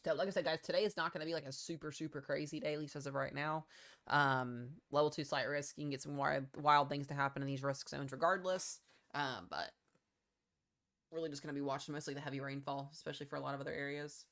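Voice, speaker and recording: A man's voice: a little high, fairly even intonation, quick pace, fairly bright tone. A young man in his twenties talks through the weather on a casual livestream. He is loose and chatty, with plenty of ums and likes, and often stops to answer questions from chat. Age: 20s.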